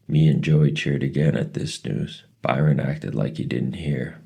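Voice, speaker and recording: A man reading a novel aloud in a steady, plain storytelling manner. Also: very deep voice, moderate pace, gravelly, few pauses, husky.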